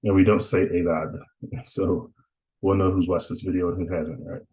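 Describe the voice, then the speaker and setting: A man's voice: deep voice, flat delivery, moderate pace, warm tone, rough recording. A man teaching Spanish in a recorded online lecture, talking in a casual, reassuring way, with many "uh"s and frequent "right?" checks. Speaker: Spanish instructor.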